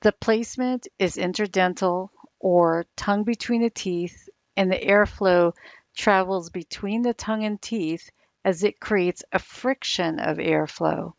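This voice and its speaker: A woman explaining English pronunciation slowly and deliberately, like a coach. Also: medium pitch, vocal fry, no room sound. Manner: slow, deliberate, instructive. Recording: dull, lo-fi sound.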